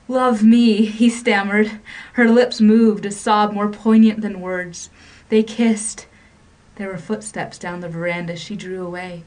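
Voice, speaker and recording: A woman hosting a radio storytelling program, reading a story with expressive narration. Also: mid-range voice, distant mic. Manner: expressive, shifting pace and volume with the drama.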